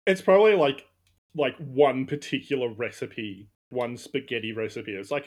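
A young man chats on a podcast, and his pitch swings up and down a lot. He laughs easily, argues back and swears now and then. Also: lively intonation, moderate pace, a little mellow. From Australia. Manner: laughs often, argumentative, swears. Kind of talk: casual chat.

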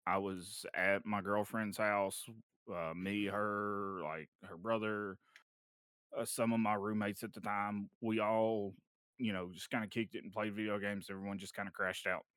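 A young man casually telling a story of a frightening night, animated and swearing, sometimes trailing off into low mumbles. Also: unhurried, smooth, dry recording, clean studio sound.

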